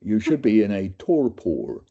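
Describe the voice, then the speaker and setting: A man voicing a matter-of-fact male doctor who speaks bluntly and deadpan. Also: lowish voice, moderate pace. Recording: dull lo-fi audio.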